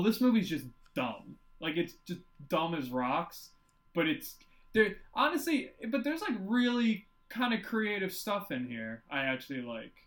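A young man co-hosting a casual movie-review podcast, talking in an animated, profane, rambling way. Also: fairly high pitch, poor audio. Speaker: podcast co-host.

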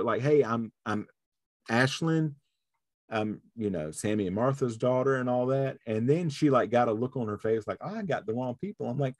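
Animated man telling a story. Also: mid-range voice, no room sound, clean studio sound. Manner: animated storyteller acting out quoted voices. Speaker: podcast host. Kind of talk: casual storytelling chat.

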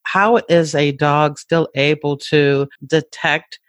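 Male interviewer, slightly high pitch, dry recording, chatty and repetitive phrasing. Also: steady tone, slow pace, fairly bright tone, dry recording. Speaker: podcast host. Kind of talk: interview questions.

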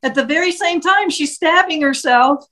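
A woman's voice: sits high, normal speed, pushed and bright, poor audio. A woman casually telling a story, retelling events vividly and briefly slipping into the voices of the people she quotes. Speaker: storyteller recounting a case.

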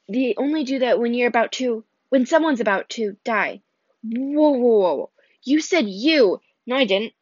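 A woman's voice: a little high, dry recording. A woman reading a novel aloud and voicing its characters, with frequent restarts and slips as she reads. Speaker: reader. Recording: dull lo-fi recording.

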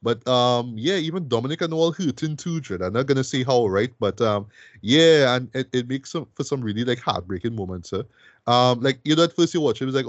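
A man's voice: medium pitch, animated, brisk, no echo, dull audio. Male podcast host, eager casual film review, dry close sound, mid voice. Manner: enthusiastic, many fillers like "right?" and "boy".

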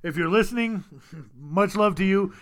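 A man's voice: high-pitched, moderate pace. A man hosting a casual podcast, rambling and laughing as he talks. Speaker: podcast host. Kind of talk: casual chat.

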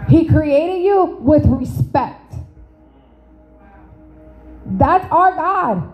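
A woman preaching to a church, telling a funny story with animated acted-out dialogue, then slowing to emphatic phrasing on scripture. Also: high-pitched, highs cut off, faint music behind. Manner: animated, humorous, acts out conversations. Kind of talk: sermon with storytelling. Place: church service.

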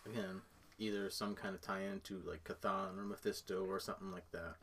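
Low-ish male co-host, casual, speculative, thinks out loud. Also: little pitch movement, normal speed, slight background noise. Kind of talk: casual discussion of a TV series.

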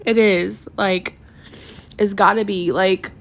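A woman hosting a casual solo podcast, rambling with crude, self-mocking humor and quick backtracking. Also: medium pitch, fairly even intonation. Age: adult, previously married. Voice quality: creaky. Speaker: podcast host.

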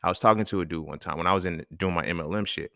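A man's voice: deep voice, very fast, vocal fry, sharp tone, no echo, clean studio sound. A man hosting a podcast, talking in a casual, emphatic and profane monologue, chuckling between points. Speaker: podcast host.

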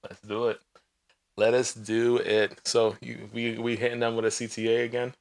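A man's voice: mid-range voice, monotone, moderate pace, creaky. Young man co-host, dry teasing humor, easy conversational pace. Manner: joking, teasing banter. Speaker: podcast co-host. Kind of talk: casual chat.

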